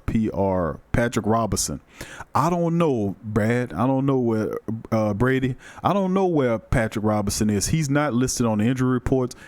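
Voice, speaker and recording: A man hosting a live sports podcast in casual chat, loose and animated as he reads viewer comments aloud. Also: mid-range voice, no room sound. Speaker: podcast host.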